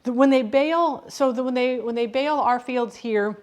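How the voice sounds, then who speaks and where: At a normal speed and with a voice that sits high, a middle-aged woman makes casual conversation with viewers during a kitchen live stream. She wanders from point to point and often starts over.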